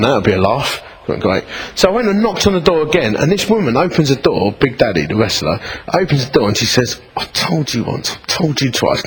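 A middle-aged man, a vicar telling a story in a sermon with lively, self-mocking delivery. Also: medium pitch, slight background noise, rough recording. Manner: animated, self-mocking, acts out voices in anecdotes.

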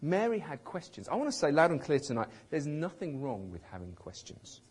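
A man preaching a sermon in a conversational, emphatic way, with a slightly husky voice, acting out quotes with light humour. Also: on the high side, wildly swooping pitch, a little fast, darkish tone.

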